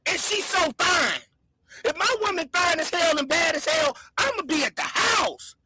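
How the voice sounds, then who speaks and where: Woman host, very high and bright voice, loud mocking livestream roast. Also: lively intonation, normal speed. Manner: loud, mocking, shouting insults. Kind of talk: insulting livestream rant.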